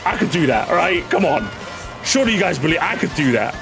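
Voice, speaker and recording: A male streamer reacting live to game replays, chatty and excitable, rambling with many restarts. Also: a little high, fairly quick, vocal fry, music in the background.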